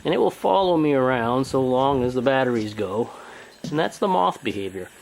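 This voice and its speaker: A man with a New Zealand accent casually explaining a small robot demo, relaxed and explanatory, on an outdoor deck. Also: medium pitch, moderate pace, vocal fry, slight background noise, rough recording. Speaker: hobby robotics demonstrator.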